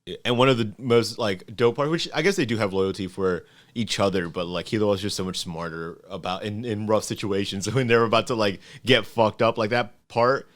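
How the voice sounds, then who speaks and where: A man's voice: on the low side, normal speed, few pauses. A man co-hosting a podcast, chatting casually, swearing a lot, laughing and acting out quotes. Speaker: podcast co-host. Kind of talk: casual chat ranking anime characters.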